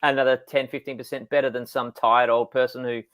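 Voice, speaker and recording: A man's voice: medium pitch, little pitch movement, fast, a bit bright, smooth. Easygoing sardonic man on a call. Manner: easygoing storyteller, laughs easily, a bit sardonic. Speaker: filmmaker co-host. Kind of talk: casual chat on a livestream.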